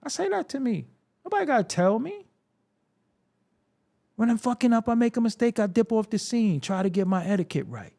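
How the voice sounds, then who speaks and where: A man's voice: high voice, sing-song, a little fast, long pauses, mellow. A man hosting a solo hip-hop commentary show, talking bluntly and profanely, with a confrontational, preaching manner. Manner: repetitive, preaching.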